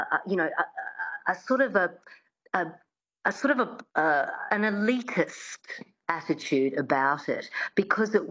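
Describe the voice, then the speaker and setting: Brief: woman guest expert, low voice, explains with many fillers, muffled lo-fi line. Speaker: accent coach guest. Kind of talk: radio interview.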